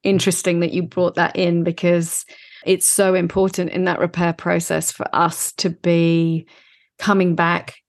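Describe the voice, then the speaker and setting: A woman hosts a podcast interview in a fairly low voice, thanking her guest and drawing her points together. She speaks in a measured, affirming way. The recording is dry and close, with no room sound. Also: level tone, vocal fry, dry recording. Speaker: podcast host.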